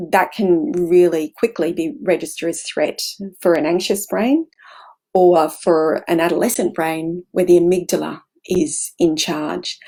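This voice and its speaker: A woman's voice: on the low side, darkish tone. A middle-aged woman hosting a casual live-stream talk about parenting, explaining earnestly and acting out little examples.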